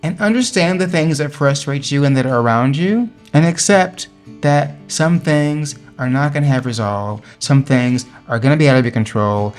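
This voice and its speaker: A man earnestly talking through personal affirmations in a motivational vlog, encouraging and emphatic. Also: mid-range voice. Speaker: vlogger sharing affirmations. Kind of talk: motivational talk to camera.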